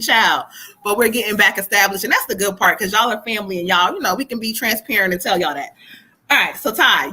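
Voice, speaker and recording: Bright-voiced woman giving a live tarot reading. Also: mid-range voice, low-quality recording. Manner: chatty, laughs often, relays spirit messages. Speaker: psychic reader.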